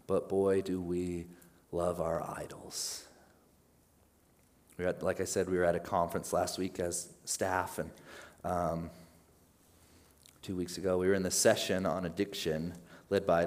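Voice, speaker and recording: A young man preaching a sermon in a casual, conversational way, rising with emphasis and dropping to a hush at key points. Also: fairly low pitch. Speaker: pastor.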